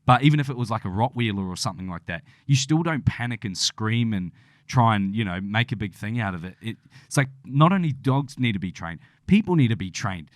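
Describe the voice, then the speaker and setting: A man's voice: lowish voice, expressive, brisk, dry recording, clean studio sound. A young man co-hosting a podcast, telling a long story in casual chat, swearing freely and acting out what people said. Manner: rambling storyteller, swears freely, acts out quotes. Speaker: podcast co-host.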